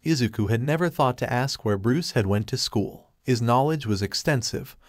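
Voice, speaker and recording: A man narrating a fan story in an even, unhurried reading. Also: medium pitch, no echo, clean studio sound.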